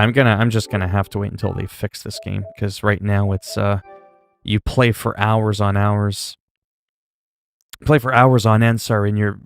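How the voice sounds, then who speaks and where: Laid-back low-voiced male streamer. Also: vocal fry. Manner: laid-back, rambling, profane. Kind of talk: casual gaming livestream chat.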